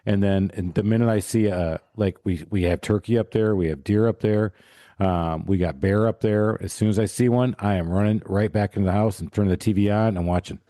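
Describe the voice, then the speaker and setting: A middle-aged man hosting a podcast, telling animated, self-mocking stories in casual chat. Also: fairly low pitch, fairly quick, no room sound, studio quality. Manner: animated storyteller, self-mocking, acts out voices. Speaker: podcast host.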